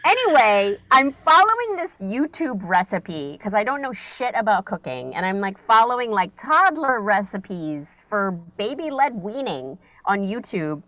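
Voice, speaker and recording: A woman comedian, telling a profane, animated story in a casual podcast chat and acting out her own reactions. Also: mid-range voice, a little slow, few pauses, no room sound, low-quality recording. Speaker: guest comedian.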